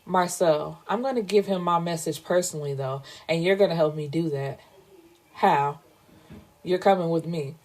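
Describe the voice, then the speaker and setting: A woman's voice: lowish voice, normal speed. Blunt swearing woman recapping a book. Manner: animated, blunt, swears freely, mixes in her own reactions. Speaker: book reviewer.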